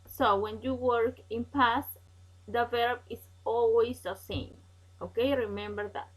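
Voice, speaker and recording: A woman's voice: fairly high pitch, steady tone, a little slow, husky, poor audio. A woman teaching an English grammar lesson online, patient and repetitive, checking in with "okay?" often.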